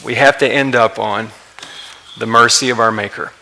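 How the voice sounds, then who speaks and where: A man preaching a sermon as pastor, impassioned, building to emphatic peaks and then dropping quiet. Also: mid-range voice, fairly even intonation, moderate pace, creaky, rough recording.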